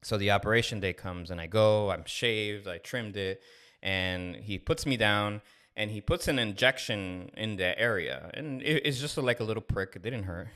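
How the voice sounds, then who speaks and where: A man's voice: lowish voice, normal speed. A man in his thirties telling a candid personal story on a podcast, acting out the dialogue as he goes. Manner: candid, animated, acts out dialogue. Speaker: podcast co-host. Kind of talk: casual storytelling.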